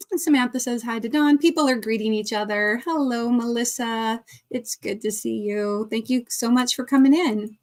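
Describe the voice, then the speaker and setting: Chatty woman host, fairly high voice, greets viewers by name, laughs easily. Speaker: crochet livestream host. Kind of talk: casual livestream chat reading viewer comments.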